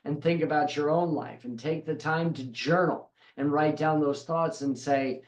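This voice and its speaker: A man's voice: on the high side, steady tone, moderate pace. A man giving a devotional Bible teaching, emphatic and fond of repeating phrases for stress. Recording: roomy echo.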